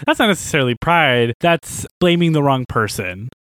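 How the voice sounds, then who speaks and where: A man brainstorming a story in casual talk, animated and rambling as he thinks out loud. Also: a little high, moderate pace, no echo.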